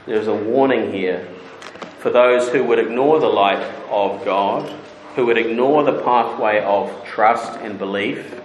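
A man's voice: mid-range voice, reverberant, slight background noise, rough recording. A male preacher giving a sermon, explaining a point plainly and then building to rising, insistent rhetorical questions.

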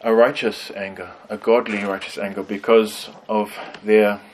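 A man teaching a conversational Bible study, thoughtful and pausing with frequent ums. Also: fairly low pitch, level tone, slight background noise, low-quality recording.

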